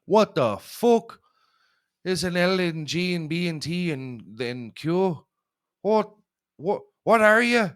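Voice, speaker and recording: A man doing a baffled gruff old Irish dad. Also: high-pitched, expressive, takes it slowly, voice pushed up, exaggerated voice. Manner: baffled, indignant shouting.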